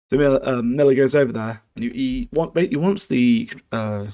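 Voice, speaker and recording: A man's voice: lowish voice, no room sound, clean studio sound. A man hosting a podcast, recapping a book chapter in a loose, rambling, sweary way with many restarts. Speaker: podcast host.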